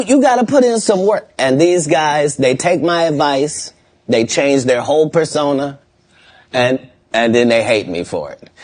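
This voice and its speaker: A man's voice: mid-range voice, darkish tone. A man talking as a podcast guest in casual interview talk, blunt, boastful and lecturing. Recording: played clip from a podcast.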